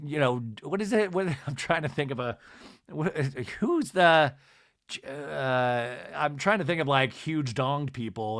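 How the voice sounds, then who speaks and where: A man's voice: a little high, fairly bright tone, no echo, studio quality. A man hosting a comedy podcast, recapping a reality show in a gossipy, dramatic way and mimicking the people in it. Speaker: podcast host.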